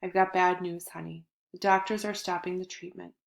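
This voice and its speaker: A woman reader voicing a mother softly giving bad news on the phone. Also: lowish voice, flat delivery, normal speed, vocal fry, roomy sound. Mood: somber. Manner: soft, hushed.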